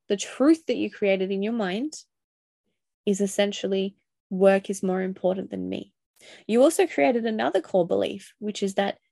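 A woman's voice: mid-range voice, creaky, warm tone, no echo, studio quality. A woman hosting her own podcast alone, talking in a candid, reflective and casual way with the odd swear word. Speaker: podcast host and coach. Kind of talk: solo podcast monologue.

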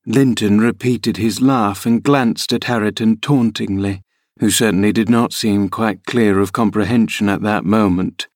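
A man reading a classic novel aloud in measured, even scripted narration. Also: fairly low pitch, no echo, studio quality. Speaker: audiobook reader.

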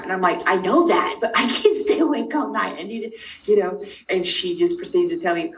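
A middle-aged woman telling a personal story about her child's illness, acting out each exchange with big jumps in pitch. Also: brisk. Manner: animated, acts out dialogue with big pitch jumps. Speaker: parent of a sick child. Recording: roomy sound from a distant mic.

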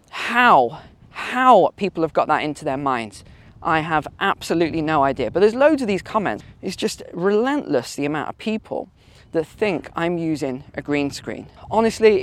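Man, casual walk-and-talk vlog, animated storyteller, outdoors, fairly high voice. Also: dry recording. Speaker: finance vlogger.

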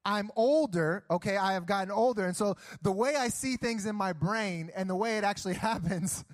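A man preaches from a church stage, his voice sitting high for a man. He talks with energy and keeps checking in with his listeners, saying "okay?" again and again. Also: normal speed. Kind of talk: sermon.

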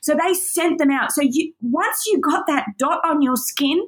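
A woman's voice: high voice, measured pace. A woman teaching on a Bible passage, earnest and emotional, moved to tears as she reads.

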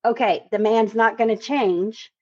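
A woman's voice: a little high, a little slow, dark tone, muffled recording. A woman guest in a casual interview, speaking earnestly and repeating key phrases for emphasis. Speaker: guest, fitness trainer.

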